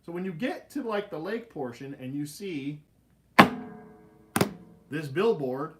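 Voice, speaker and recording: Livestream host, male, slightly raised pitch, lively casual storyteller who laughs and swears. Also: normal speed, soft background music. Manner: animated, laughing, swearing, acts out quotes.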